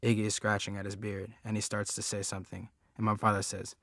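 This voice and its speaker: A man narrating an audiobook in a plain, measured storytelling manner. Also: fairly low pitch, completely flat delivery, fairly bright tone, dry recording, studio quality. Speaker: audiobook reader. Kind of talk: scripted narration.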